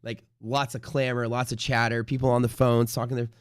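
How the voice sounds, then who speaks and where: A man hosting a live day-trading stream, rambling casually with lots of swearing and sudden loud bursts of mock trader shouting. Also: medium pitch, level tone, fairly quick, clear, resonant tone, no room sound, clean studio sound.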